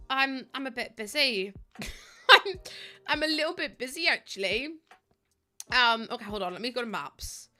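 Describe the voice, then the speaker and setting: Streaming a game from home, an Irish woman in her twenties rambles through casual chat and laughs a lot. She speaks on the high side with a bright, forceful tone.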